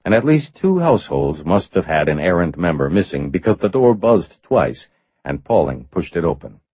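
A male audiobook narrator with a very deep, husky voice telling a thriller in a measured way. His pitch moves expressively through the sentences. The recording is dry and slightly dull. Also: big pitch swings, a little mellow, dry recording. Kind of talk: scripted narration.

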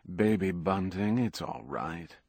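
A man's voice: on the low side, big pitch swings, a little slow, no echo, clean studio sound. A man voicing a cool, harsh female singer who speaks grimly. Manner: grim, harsh.

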